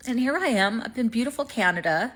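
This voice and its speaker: A woman's voice: fairly high pitch, animated, fast, a bit bright. A middle-aged woman from East Tennessee with a Southern accent, rambling in a worried personal vlog and trailing off to near-whispers. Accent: Southern American. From East Tennessee, United States. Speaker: vlogger. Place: rented home in Canada.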